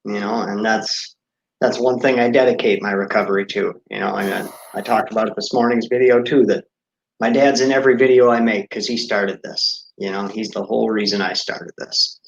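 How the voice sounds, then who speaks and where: A man's voice: fairly low pitch, fairly even intonation, moderate pace, gravelly. Male host, supportive and affirming, roomy lo-fi recording. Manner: supportive, says brother and definitely often. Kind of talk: casual live video chat. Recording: roomy, dull lo-fi sound.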